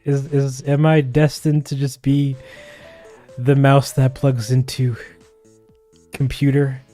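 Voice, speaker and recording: A man's voice: medium pitch, little pitch movement, slow pace, dark tone, soft background music, natural voice. A man voicing a mopey computer mouse that wonders about its purpose in life. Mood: glum. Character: anxious existential male computer mouse.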